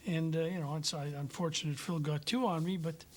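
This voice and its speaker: A man's voice: on the high side, steady tone, brisk, a little mellow. A man in an interview, speaking frankly and plainly. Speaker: interviewee, former player.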